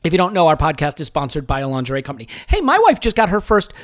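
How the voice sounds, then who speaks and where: A man's voice: on the high side, wildly swooping pitch, rapid-fire. A man hosting a live sports podcast, jokey and rambling. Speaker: podcast host.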